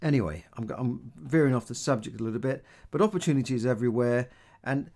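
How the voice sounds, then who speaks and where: A man's voice: medium pitch, darkish tone. Middle-aged Cockney man giving money advice. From London, England. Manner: rambling, conversational, many fillers and restarts. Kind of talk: casual monologue.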